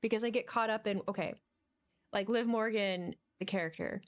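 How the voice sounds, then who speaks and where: A woman's voice: medium pitch, moderate pace. A woman co-hosting a casual podcast chat, who rants emphatically and swears. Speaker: podcast co-host.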